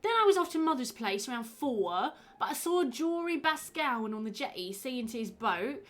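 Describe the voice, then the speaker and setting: A woman's voice: high-pitched, big pitch swings, normal speed. A woman voicing a defensive male village suspect in a broad, playful put-on regional accent.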